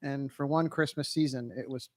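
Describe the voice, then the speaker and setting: A man co-hosting a podcast in casual chat, telling stories in a relaxed, wry way. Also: medium pitch, normal speed, dry recording. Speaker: podcast co-host.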